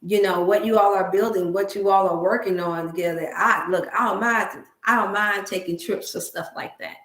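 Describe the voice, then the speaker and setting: A woman's voice: medium pitch, fairly even intonation, normal speed. Woman livestream host, Black dialect, emotional and preachy, talking at home into an echoey room. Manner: emotional, preachy, speaks to viewers as family. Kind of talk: casual livestream talk to viewers. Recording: roomy echo.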